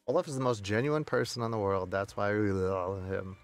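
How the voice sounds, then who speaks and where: A man's voice: fairly low pitch, brisk, soft background music. A man streaming a game, chatting casually with friends, rowdy, joking and swearing a lot. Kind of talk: casual live-stream chat.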